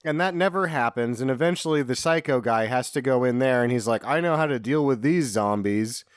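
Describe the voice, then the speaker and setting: A man's voice: medium pitch, a little fast, clean tone, no echo, studio quality. A man co-hosting a podcast, casually retelling scenes from a bad movie and acting out the lines. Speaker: podcast co-host. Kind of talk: casual movie-riffing chat.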